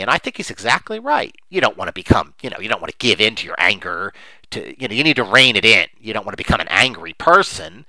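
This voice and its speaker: A man talks through his argument in unscripted commentary, his pitch swinging widely as he acts out the views he mocks. His voice is bright and forward, and the recording is dry with no room sound. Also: quick pace, dry recording. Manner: animated, mocks opposing views in quoted voices, many fillers. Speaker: investing commentator.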